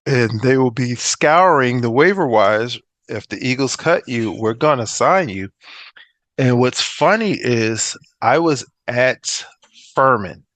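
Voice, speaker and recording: A man's voice: medium pitch, slow, dry recording. A middle-aged man, a former pro football player, tells stories in a casual interview and acts out the dialogue he quotes. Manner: animated storyteller who acts out quoted dialogue.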